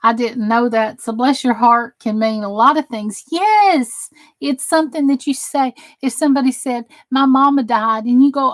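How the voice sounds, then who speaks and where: A woman's voice: sits high, normal speed. A middle-aged woman with a Southern American accent, casually chatting and joking with viewers during a crafting livestream. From Southern United States. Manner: chatty and joking, reading out and answering viewer comments. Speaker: crafting channel host on a livestream.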